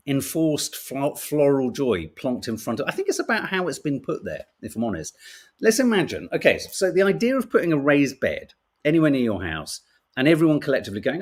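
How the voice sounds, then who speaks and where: Lively wry British man chatting. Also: on the high side. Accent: British English. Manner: chatty, wry, swears casually, laughs at stories. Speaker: podcast host reading the papers. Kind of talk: casual chat.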